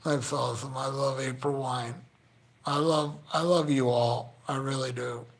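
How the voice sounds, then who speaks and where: A man's voice: medium pitch, steady tone, a little slow. A man on a live stream, heartfelt and profane, choked up and near tears as he thanks his viewers. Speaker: livestreamer thanking his chat. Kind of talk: casual live-stream chat.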